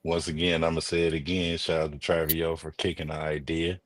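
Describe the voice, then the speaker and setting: A man co-hosting a sports podcast, talking in a loose, slangy, excitable way and laughing often. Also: rumbling low, a little fast, dry recording. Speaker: podcast co-host. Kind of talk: casual sports chat.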